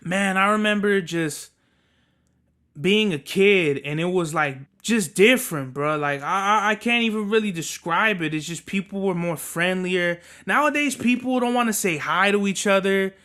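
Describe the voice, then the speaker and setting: A young man hosting a podcast, telling work stories in an animated, profane rant. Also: sits high, moderate pace, smooth. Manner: animated, cursing, storytelling. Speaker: podcast host.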